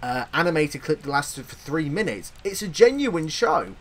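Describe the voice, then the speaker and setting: An English man with a fairly high voice that rises and falls a lot as he chats on a podcast. He hosts and gives blunt, animated opinions. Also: normal speed. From Britain. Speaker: podcast host. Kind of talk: casual podcast chat.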